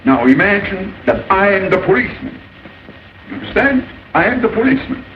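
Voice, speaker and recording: A man's voice: high voice, very animated, fairly quick. A fussy professor who lectures in a sing-song voice that rises and falls a lot. The sound is dull and lo-fi with faint hiss, and he sits a little back from the mic. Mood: lecturing. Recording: distant, hissy early sound film.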